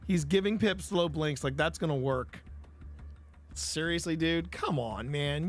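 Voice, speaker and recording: A man's voice: on the high side, a little slow. A man hosting a live stream, chatting casually and rambling with his viewers. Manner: rambling, self-interrupting, playful banter with chat.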